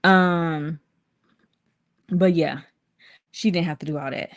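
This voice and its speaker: A woman in her thirties telling a personal story to her viewers in casual, colloquial talk, with her pitch jumping up when she acts out quotes. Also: slow pace. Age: 30s. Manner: lively, colloquial, swings into high acted voices for quotes.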